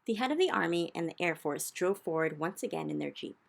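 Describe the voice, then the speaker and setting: A woman narrating a children's book aloud in an expressive storytelling style, lifting her voice for the exciting moments. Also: on the low side, fairly quick, gravelly.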